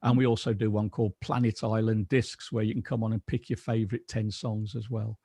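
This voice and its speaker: A man's voice: on the low side, flat delivery, a little fast, warm tone, slightly rough, no room sound, clean studio sound. Chatty man rambling on a video call. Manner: rambling, with many restarts and fillers. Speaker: guest, astronomy radio station founder. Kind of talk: casual video call chat.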